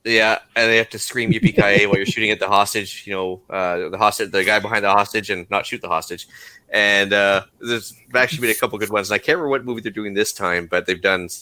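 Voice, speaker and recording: An easygoing Canadian man co-hosts a podcast. His tone is bright and forceful, and it is recorded dry and close to the mic. He often laughs between his points. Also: on the low side, fast, no echo. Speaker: podcast co-host. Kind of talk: casual podcast chat.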